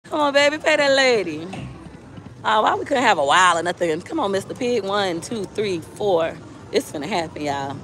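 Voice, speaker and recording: A woman's voice: mid-range voice, expressive, normal speed, a bit bright, a little hiss or hum. A woman gambling on a live stream in a casino, coaxing the slot machine and chatting with her viewers. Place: casino floor.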